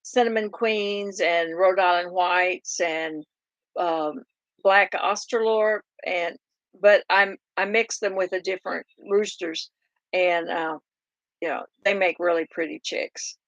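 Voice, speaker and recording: A woman's voice: lowish voice, fairly even intonation, slow, no room sound, highs cut off. A middle-aged woman from Oklahoma with a Southern drawl, hosting a casual live farm chat and answering viewer comments in a rambling way with lots of fillers. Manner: chatty and rambling, many fillers and restarts. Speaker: farm livestream host.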